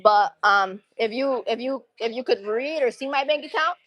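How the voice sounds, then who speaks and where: A woman's voice: a little high, normal speed, no room sound, lo-fi sound. Woman, casual livestream chat, rambling, slangy, dry close sound, gym. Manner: chatty, rambling, laid-back slang. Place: gym, between exercise sets.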